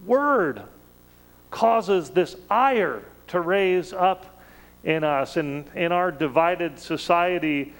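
Guy giving a sermon, kinda high voice, slow and chatty, punches the big words. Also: big-room sound, rough recording. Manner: measured, conversational preaching with emphatic rises. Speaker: preacher.

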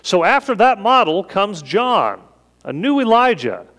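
A man's voice: high-pitched, big pitch swings, a little slow, fairly bright tone. A man preaching a sermon as a pastor, in a conversational way that leans on rhetorical questions.

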